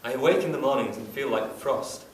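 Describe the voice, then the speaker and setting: A man reading aloud as an old grieving widowed father, slow and mournful, without putting on an accent. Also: mid-range voice, echoey room, far from the mic, slight background noise, lightly acted, poor audio.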